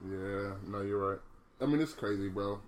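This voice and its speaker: A podcast co-host with a voice on the low side talks at normal speed in frank, casual chat. He swears often, keeps calling others "bro," and restarts his sentences many times.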